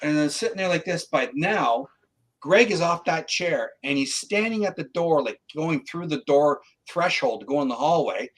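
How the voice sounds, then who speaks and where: Animated man telling a story. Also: on the high side, normal speed, poor audio. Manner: animated, acts out quoted voices. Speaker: guest psychic. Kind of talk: casual interview storytelling.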